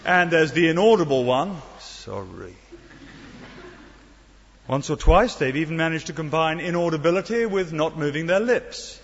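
This middle-aged preacher talks briskly in a fairly high voice with hardly any pauses, mixing earnest preaching with wry asides and rhetorical questions. The church recording is dull, echoes through a long-reverb hall, and carries slight background noise.

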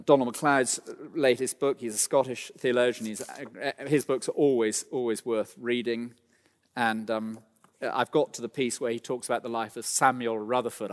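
Man, fifties, preacher, sermon, earnest then fervent, fillers and restarts, mid pitch, long church reverb.

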